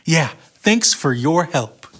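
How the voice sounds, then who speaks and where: A man's voice: fairly high pitch, lively intonation, slow, a bit bright, breathy edge. A man narrating a scripted Bible story on a children's church show in an earnest, dramatic way.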